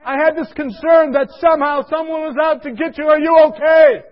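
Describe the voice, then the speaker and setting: A man's voice: extremely high pitch, fairly even intonation, a little fast, pitched above the performer's own voice. A man voicing a weeping older mother pleading urgently on the phone, in a dull lo-fi radio recording. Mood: frantic pleading.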